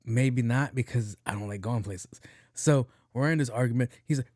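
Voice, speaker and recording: This male podcast host tells a story in a casual monologue, swearing freely and speaking with animation. His mid-range voice keeps a moderate pace, and the recording is dry and studio quality.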